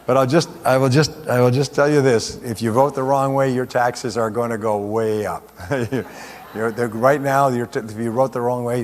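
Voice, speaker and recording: A man giving a motivational seminar talk in a large hall, joking with and rousing the audience. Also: medium pitch. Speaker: seminar speaker. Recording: echoey hall with long reverb.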